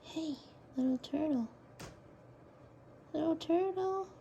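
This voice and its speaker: Cooing high-voiced woman, slow baby talk. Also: gravelly, dark tone, muffled recording, a little hiss or hum. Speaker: vlogger. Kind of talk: casual vlog talking to a pet turtle.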